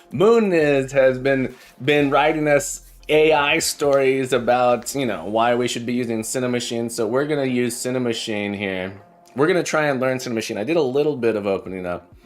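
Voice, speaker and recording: A man's voice: medium pitch, moderate pace. Chatty, joking male coding streamer. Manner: chatty and jokey, repeats phrases. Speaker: programming teacher and live streamer. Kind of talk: casual live-coding stream chat. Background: faint background music.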